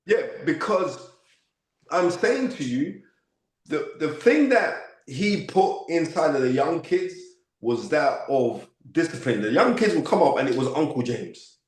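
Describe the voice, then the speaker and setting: A man of fifty with a London accent, telling stories as a podcast guest in an emphatic, animated way. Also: a little high, measured pace. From United Kingdom. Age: 50s. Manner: emphatic, acts out quoted voices, frequent "you know what I mean". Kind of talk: animated interview storytelling. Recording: echoey room.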